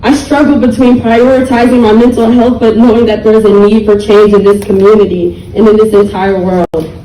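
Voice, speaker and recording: A young woman delivers an earnest, pleading public speech, heavy with emotion. Her voice is dark and mellow, and it sounds roomy and far from the mic. She speaks with the weight of someone close to tears. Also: medium pitch, flat delivery, normal speed. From United States. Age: young adult. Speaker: speaker at a community rally.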